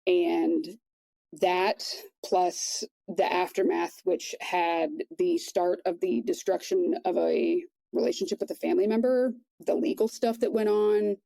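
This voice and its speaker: Woman guest, soft-spoken storyteller, lowish warm voice, dry close sound. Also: fairly even intonation, creaky, no room sound, rough recording. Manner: quiet, measured retelling with many restarts. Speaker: podcast guest. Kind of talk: personal storytelling in conversation.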